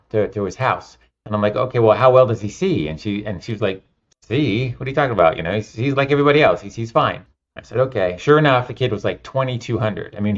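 A man telling lively anecdotes in an interview, with many fillers and restarts. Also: on the low side, lo-fi sound. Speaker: nonprofit founder and guest. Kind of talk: casual interview storytelling.

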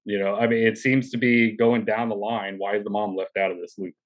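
A man's voice: fairly low pitch, fairly even intonation, brisk, dull audio. A man co-hosting a podcast, talking through a TV episode in a casual, hesitant way with lots of fillers. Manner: hesitant, many fillers and trailing phrases. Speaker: podcast co-host.

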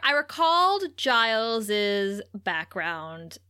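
Bright-voiced laughing woman co-host. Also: mid-range voice, very slow, clean tone. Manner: animated, laughs often, acts out quotes. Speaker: podcast co-host recapping a TV episode. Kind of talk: casual chat.

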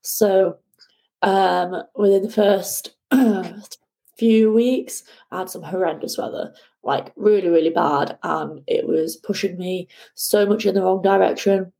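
Woman, storytelling guest, lively, even mid pitch. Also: slow pace, vocal fry, poor audio. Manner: animated, acts out shouting at the sea. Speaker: guest, ocean rower. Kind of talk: conversational interview storytelling.

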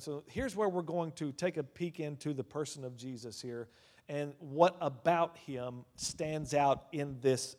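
Emphatic male preacher in an echoing hall. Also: a little high. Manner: swings between hushed asides and loud emphatic declarations; calls out hallelujah and amen between points. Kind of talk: sermon. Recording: long reverb of a large hall.

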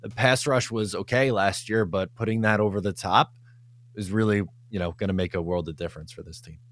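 A man on a sports podcast panel, talking football in a measured, analytical way. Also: fairly low pitch. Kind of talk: casual chat.

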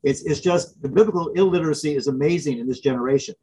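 Husky, animated male storyteller guest. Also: a little high, fast, rough recording. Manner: animated storyteller, acts out film scenes. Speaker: author and professor. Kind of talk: interview guest.

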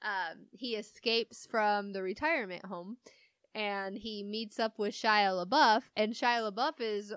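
Slow, smooth-voiced giggly woman. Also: medium pitch, fairly bright tone, no room sound. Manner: giggly, rambling retellings full of "like". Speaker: podcast co-host. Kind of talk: casual movie-review chat.

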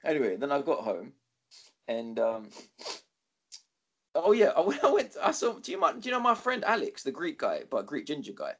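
Man, podcast co-host, lively up-and-down delivery, casual swearing, rambling anecdote. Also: on the high side, moderate pace, pauses often. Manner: rambling, swears freely, animated quoting. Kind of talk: casual storytelling chat.

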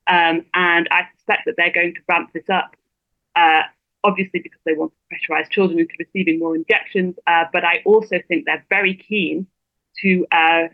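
A woman being interviewed as a guest, making her points in a fluent, measured way. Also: on the low side, fairly even intonation, no echo. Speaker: guest blogger. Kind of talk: interview over a phone line. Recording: tinny dry phone line.

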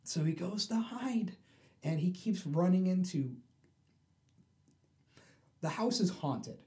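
Mellow-voiced man animatedly retelling a comic. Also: high-pitched, takes it slowly. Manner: animated storyteller, acts out the characters' voices. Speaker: podcast co-host. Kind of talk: casual chat, retelling a comic book.

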